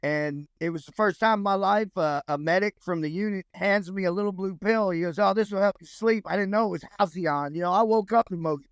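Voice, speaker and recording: A man in his fifties with a drawl rambles through his story as an interview guest. His voice sits a bit high for a man, and he keeps restarting lines and slipping into quoted dialogue. The recording is close and dry, with no room sound. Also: fast talker, few pauses, smooth, no echo. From United States. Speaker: guest, former Army Ranger.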